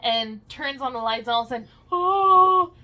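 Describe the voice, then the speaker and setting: A woman co-hosting a movie review channel in casual chat, soft-spoken and a little hesitant. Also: on the high side, fairly even intonation, fast, highs cut off.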